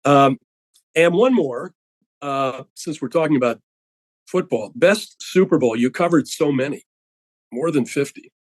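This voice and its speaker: A male interviewer poses his questions with halting restarts and filler words. His voice sits at a middling pitch and is recorded very dry, with no room sound around it. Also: animated, dry recording, low-quality recording.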